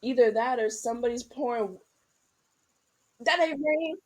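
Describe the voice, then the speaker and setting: A woman's voice: a little high, a little slow, a little mellow. A woman co-hosting a podcast, narrating an improvised roleplay in a laid-back, chatty way.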